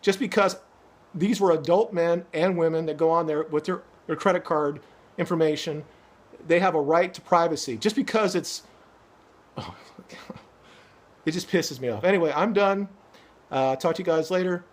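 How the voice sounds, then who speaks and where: A man's voice: fairly high pitch, normal speed, long pauses. A middle-aged man ranting angrily to his viewers, swearing often and stumbling over restarts. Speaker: vlogger. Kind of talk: angry opinion rant to camera.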